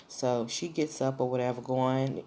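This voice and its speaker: A woman's voice: a bass voice, fairly even intonation, moderate pace, dark tone, a little hiss or hum. A woman vlogger telling a personal story in a blunt, profane, casual way.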